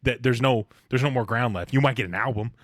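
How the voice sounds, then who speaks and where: A young man in loose podcast chat, rambling through jokes with stumbling restarts and bursts of laughter. His voice is middle-pitched and recorded close and dry. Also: fast talker, dry recording. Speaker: podcast co-host. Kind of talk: casual chat.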